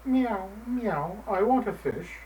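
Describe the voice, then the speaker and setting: A man's voice: high voice, lively intonation, slow, a little mellow, recorded from a distance, slight background noise, pitched above the performer's own voice, low-quality recording. A man doing a whiny selfish black cat.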